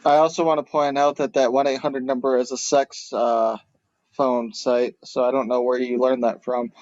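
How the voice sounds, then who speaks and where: A man's voice: mid-range voice, flat delivery, normal speed, darkish tone, dry recording. A man hosting a podcast, steering the segment with wry, casual banter. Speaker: podcast host. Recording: dull lo-fi sound.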